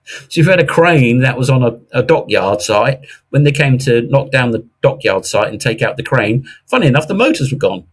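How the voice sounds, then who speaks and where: Husky, animated male market commentator. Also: mid-range voice, fairly quick. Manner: animated, jokey, restarts with mocking asides. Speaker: investment commentator guest. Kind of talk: casual interview talk.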